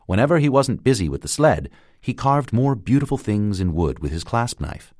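Deep-voiced man reading a storybook aloud. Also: moderate pace, no echo, clean studio sound. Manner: lively, expressive reading. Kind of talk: storybook narration.

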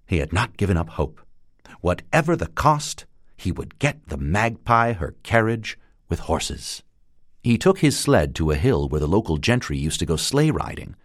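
A man narrating a fairy tale in a lively, expressive way. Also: sits low, no room sound, studio quality. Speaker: storyteller. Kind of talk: storybook narration.

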